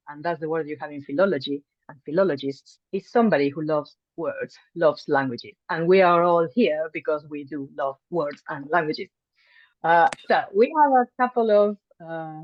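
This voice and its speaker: A woman's voice: low-pitched, no room sound. Woman teaching an online class. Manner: friendly, chatty, with many ums and restarts. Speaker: language teacher. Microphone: video call mic. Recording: dull, dry video call audio.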